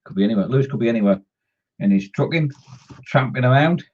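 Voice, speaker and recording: A man's voice: mid-range voice, lively intonation, fast, a little mellow, muffled recording. A man chatting casually on a scale-modelling live stream, greeting viewers by name and joking as he works.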